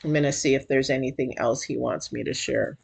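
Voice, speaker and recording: A chatty tarot reader talking straight to viewers in a casual intuitive reading. The voice is emotional and animated, breaking into sudden high exclamations and coming back to a mid pitch. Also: brisk, creaky.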